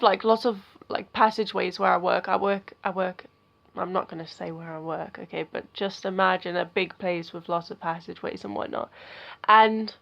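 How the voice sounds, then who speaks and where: Young woman vlogger, casual and animated, filler-heavy, middle-pitched voice, slightly dull lo-fi audio. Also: gravelly. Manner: animated, gets loud and giggly when excited; chatty, filler-heavy, with lots of "like" and "okay". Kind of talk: casual storytelling to camera.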